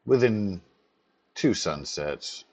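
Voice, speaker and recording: A man voicing a formal male tribal leader who speaks slowly and deliberately. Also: on the low side, animated, darkish tone, highs cut off, exaggerated voice.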